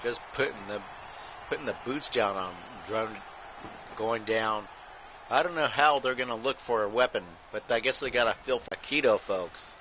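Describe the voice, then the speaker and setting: A man's voice: mid-range voice, normal speed. Muffled man doing wrestling play-by-play. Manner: announcer patter, says "folks" nearly every line; excitable shouts at big moves. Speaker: host and play-by-play commentator. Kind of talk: wrestling play-by-play over a video game. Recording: muffled audio with steady background noise.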